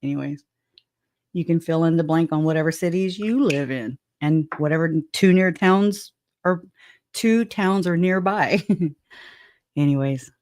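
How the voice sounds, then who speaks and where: A woman's voice: sits low, measured pace, pauses often, darkish tone, no room sound. A woman hosting a casual true-crime livestream, chatting with viewers and laughing often between joking asides. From southwest Louisiana. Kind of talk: casual livestream commentary, greeting chat.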